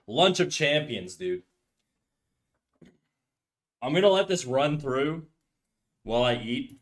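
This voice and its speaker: A man in a relaxed livestream chat who rambles openly with his viewers and keeps saying "dude". His voice sits at an ordinary middle pitch, and he talks close to a desk mic. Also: slow, pauses often. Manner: rambling, candid, says "dude" a lot. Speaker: streamer and artist.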